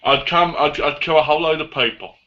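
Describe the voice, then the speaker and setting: A man chatting as a guest on a live online stream, excitable and rambling. His voice is bright and forward, coming through a computer mic with dull, lo-fi call audio. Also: a little high, brisk. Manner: excitable, rambling movie talk. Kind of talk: casual live chat.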